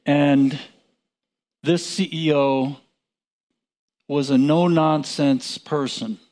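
Man, Bible teacher; unhurried, chatty delivery, raised pitch. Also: steady tone, a little mellow. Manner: slow, chuckling, conversational with restarts. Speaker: preacher.

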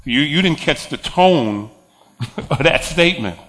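A man's voice: fairly high pitch, expressive, unhurried, fairly bright tone. A man preaching a sermon, emphatic, repeating phrases and chuckling between points.

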